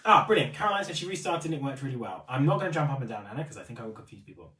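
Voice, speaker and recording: A livestream host for a beauty retailer races along in an expressive, bright, forceful medium-pitched voice. He chats casually, reads out comments and apologises a lot, and the recording is roomy with a distant mic.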